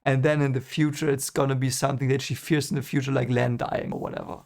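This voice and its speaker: Brief: man, gravelly voice, emotional first-time reading reaction. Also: medium pitch, flat delivery, fast, darkish tone. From Germany. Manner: emotional, reactive, swears and apologizes. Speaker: channel host reading a book aloud.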